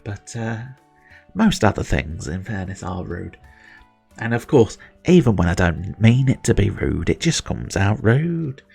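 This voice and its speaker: A man's voice: on the low side, sing-song, measured pace, vocal fry, darkish tone, breathy edge, soft background music. A man casually commenting while streaming a video game, with rambling, self-mocking asides.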